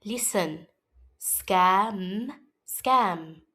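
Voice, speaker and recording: A woman teaching a scripted phonics lesson for young children, modelling sounds slowly and clearly for them to repeat. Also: medium pitch, lively intonation, a bit bright.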